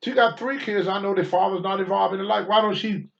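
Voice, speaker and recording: A man's voice: high-pitched, fairly even intonation, fast, vocal fry. An older man, a former pro wrestler, speaking bluntly and with profanity as a talk-show guest. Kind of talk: candid talk-show storytelling. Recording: dull lo-fi sound.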